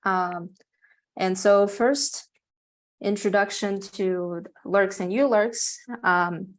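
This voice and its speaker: A woman's voice: mid-range voice, drawn-out words. A woman giving an academic seminar talk over a video call, speaking with frequent hesitations and restarts. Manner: hesitant, many fillers and restarts. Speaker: guest speaker, astronomer.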